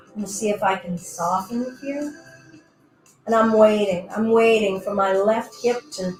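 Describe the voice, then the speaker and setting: With a mid-range voice at normal speed, a woman leads a virtual yoga class indoors in a playful, chatty way, voicing her breath and body as she goes. Faint music plays in the echoey room.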